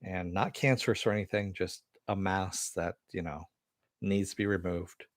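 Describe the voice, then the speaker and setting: A man's voice: low-pitched, fairly even intonation, normal speed, no room sound, clean studio sound. An American man hosting a casual live stream, rambling and reading viewer comments aloud. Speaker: host.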